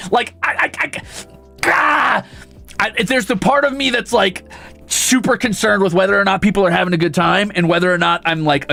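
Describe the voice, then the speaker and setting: A man's voice: sits high, gravelly, pushed and bright. A young man chatting casually on a stream, rowdy and mischievous, swearing often and laughing a lot.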